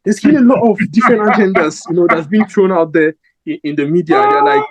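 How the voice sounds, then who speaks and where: A man's voice: high voice, lively intonation, quick pace, poor audio. A young man giving his opinion in a casual football fan vlog, rambling and emphatic with lots of fillers and restarts.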